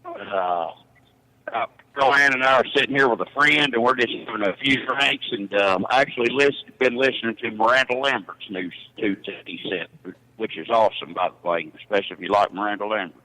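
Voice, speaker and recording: A middle-aged truck driver calling in by phone, chatting easygoingly with lots of fillers. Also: male voice, lowish voice, a little fast, pushed and bright. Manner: easygoing, rambling with many fillers. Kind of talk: casual phone chat. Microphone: telephone. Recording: phone line.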